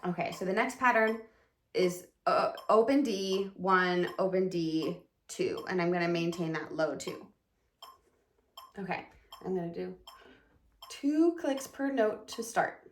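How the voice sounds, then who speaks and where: A woman's voice: lowish voice, lively intonation, unhurried, pauses often, slight background noise. A woman teaching viola in a casual lesson, chatting, counting aloud and singing rhythms while she plays. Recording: echoey room with viola playing. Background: her own viola playing and a metronome.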